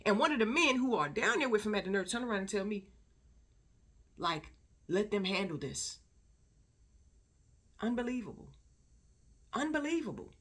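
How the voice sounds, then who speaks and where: A woman's voice: on the high side, sing-song, fairly quick, long pauses, fairly bright tone, breathy edge. A woman vlogger in casual commentary, talking emphatically and repeating words for stress.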